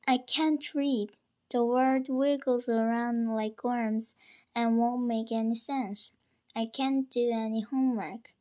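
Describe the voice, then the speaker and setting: A woman's voice: on the high side, steady tone, takes it slowly, warm tone. A woman reading a first-person novel aloud in an unpolished way, with small stumbles and restarts.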